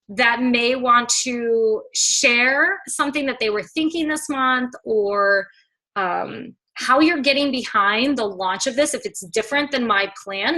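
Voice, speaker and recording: A woman with a slightly high voice hosts a team video call. She talks in an upbeat, excitable way with plenty of casual fillers. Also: poor audio. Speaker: team coach leading a group call.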